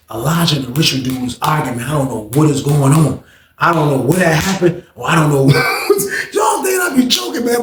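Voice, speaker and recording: A man with a high, gravelly voice tells a story in loose slang. He acts out each person he talks about, and his voice echoes around the room. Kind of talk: casual storytelling.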